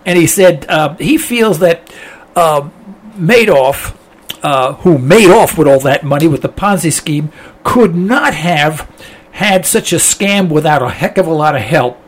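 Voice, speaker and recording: A high-pitched man hosts a talk program in a loose, rambling monologue. He reads through listener mail with plenty of fillers and restarts, keeping it conversational. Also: expressive, a little slow. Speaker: radio talk show host.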